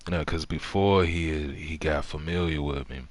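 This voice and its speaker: A man's voice: very deep voice, steady tone, a little slow. A man streaming a game, telling rambling stories in casual, profane chat.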